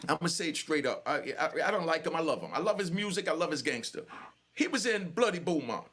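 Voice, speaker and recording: An older man talks straight to the camera in a heated, emphatic way, repeating himself and packing his speech with fillers. His voice sits high for a man. He is worked up and angry. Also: big pitch swings, quick pace, fairly bright tone, a little hiss or hum. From New York. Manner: emphatic, repetitive street talk with many fillers. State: angry and sweating. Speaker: channel host. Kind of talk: heated direct-to-camera talk.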